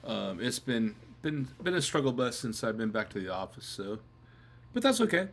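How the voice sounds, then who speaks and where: A man co-hosting a casual chat while he has the hiccups, talking in a halting, apologetic way with many restarts. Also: fairly low pitch, animated, gravelly, a little hiss or hum. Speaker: co-host.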